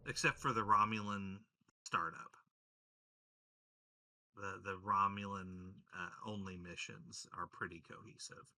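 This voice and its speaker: A man's voice: low voice, level tone, measured pace, pauses often, bright, forceful tone, dry recording. A man co-hosting a livestream, joking and teasing his friend while they play a game. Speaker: co-host and gamer. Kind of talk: casual livestream gaming chat.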